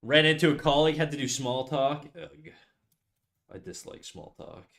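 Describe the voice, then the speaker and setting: A man's voice: fairly high pitch, expressive, moderate pace, vocal fry. A man chatting casually with his viewers during a drawing livestream, rambling and often dropping to a mutter as he works. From Canada. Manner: rambling, chats with viewers, drops to quiet muttering while working. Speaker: streamer.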